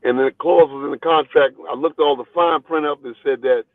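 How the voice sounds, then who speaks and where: A boxing trainer telling stories in a phone interview, talking in an animated, rambling way and repeating his words. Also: a little high, brisk, no echo. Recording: tinny phone line, dry.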